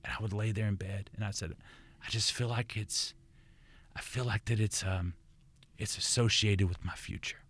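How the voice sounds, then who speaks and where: A man's voice: on the low side, fairly even intonation, normal speed, a bit bright, slightly rough. An older man with a Texan accent, a pastor and podcast guest, telling his story in an earnest, reflective way, with many restarts and repeated words. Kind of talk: conversational storytelling.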